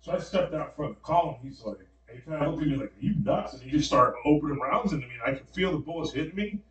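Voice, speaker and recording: Casting: man, casual slangy storyteller, mid pitch, roomy distant mic. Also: fast. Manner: animated, slangy dream retelling with many fillers. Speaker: podcast guest.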